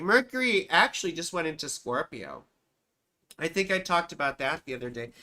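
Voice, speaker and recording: Woman, astrologer, casual livestream chat, rambling, profane, self-mocking, bright tense voice. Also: lowish voice. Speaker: astrologer hosting live chart readings.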